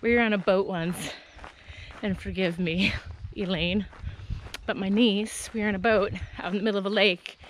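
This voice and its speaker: A middle-aged woman talking to the camera on a long hike, chatty and excitable, telling stories as she walks. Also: mid-range voice, moderate pace. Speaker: long-distance hiker vlogger. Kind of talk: casual trail vlog. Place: outdoors on a desert trail. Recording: outdoor noise behind the voice.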